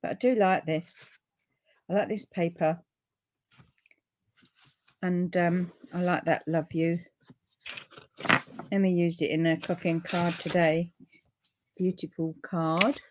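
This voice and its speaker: A middle-aged woman with a British accent hosting a relaxed live papercraft stream, chatting to viewers and easily delighted. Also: on the low side, slow, pauses often. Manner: chatty and easily delighted, with frequent gasps and laughs.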